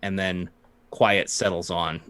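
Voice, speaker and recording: A man narrating a tabletop game as game master, unhurried, with frequent pauses and fillers. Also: low-pitched, level tone, fairly bright tone. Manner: unhurried, pausing often with fillers.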